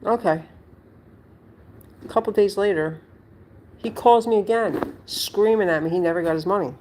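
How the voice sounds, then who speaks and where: A woman's voice: medium pitch, normal speed, a little mellow, slight background noise. A woman at home telling a story to her viewers in a blunt, rambling way, swearing freely. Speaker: vlogger. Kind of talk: casual storytelling to camera.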